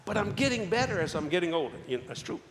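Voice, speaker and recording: Older man, evangelist, folksy storytelling sermon, lively swooping pitch, long hall reverb. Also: rapid-fire, noisy background. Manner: folksy, animated, acts out quoted voices. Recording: echoey hall with faint ambience.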